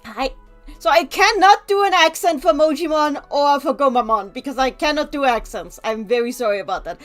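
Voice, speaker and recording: Woman streaming a game, chatty n rambly, high voice, bit of music under it. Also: fairly quick. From Germany. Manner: chatty, reads chat aloud, rambling asides. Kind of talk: gameplay livestream commentary.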